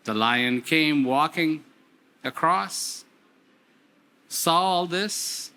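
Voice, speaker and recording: A man giving a talk, telling a parable slowly with emphatic repetitions. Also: on the high side, sharp tone. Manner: slow, repetitive, emphatic storytelling. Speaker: speaker. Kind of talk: storytelling talk.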